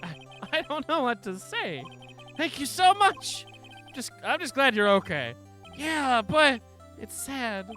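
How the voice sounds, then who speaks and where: A man doing a high, pleading naive actor. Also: very animated, takes it slowly, pushed and bright, faint music behind, heavily acted. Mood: tearful.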